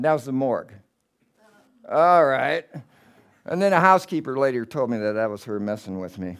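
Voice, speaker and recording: A middle-aged man giving a casual, rambling talk of ghost stories, going off on tangents and swinging between excited outbursts and hushed tellings. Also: medium pitch, moderate pace, pauses often, clear, resonant tone.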